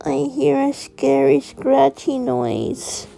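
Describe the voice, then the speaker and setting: A woman's voice: big pitch swings, slow pace, creaky, warm tone, heavily acted. Woman doing a scared little boy fox. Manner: high, shrill, pleading cries. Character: small frightened little boy fox, excitable. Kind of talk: storybook character voice.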